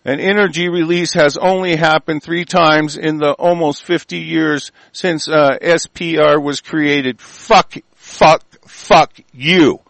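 A man giving angry, profane ranting commentary in reaction to the news, with shouted bursts and many halting fillers. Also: fairly high pitch, steady tone, vocal fry, no echo, rough recording.

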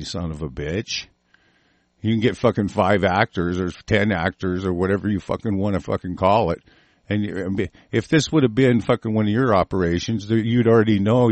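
A low-pitched man ranting on his show, swearing at almost every turn and rambling from point to point. His voice is close and dry, with no room sound around it. When he reads the news aloud, his pace slows and stumbles. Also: no echo. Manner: angry, cursing, rambling. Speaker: talk show host. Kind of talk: profane ranting commentary.

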